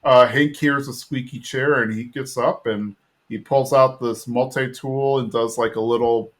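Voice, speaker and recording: A man's voice: mid-range voice, fairly even intonation, a little slow. A male podcast host casually retelling an episode, talking loosely with lots of fillers. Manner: chatty retelling full of fillers.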